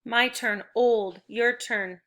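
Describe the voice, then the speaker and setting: A woman teaching a recorded phonics and spelling lesson to young children, speaking slowly and clearly with encouragement. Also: fairly high pitch, steady tone, fairly bright tone.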